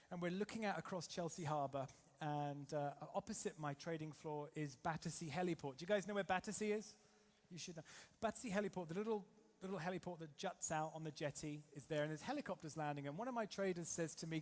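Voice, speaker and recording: A man from England giving an energetic motivational seminar to a live audience, quizzing the crowd with rhetorical questions. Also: on the high side. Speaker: trading coach and seminar speaker.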